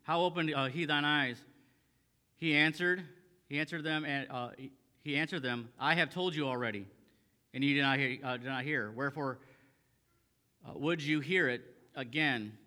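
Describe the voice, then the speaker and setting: A man's voice: mid-range voice, moderate pace, pauses often, pushed and bright, in a large hall. A man preaching a sermon as a pastor, reading scripture aloud and then restating it in plain talk with frequent fillers and repeated phrases. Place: church sanctuary.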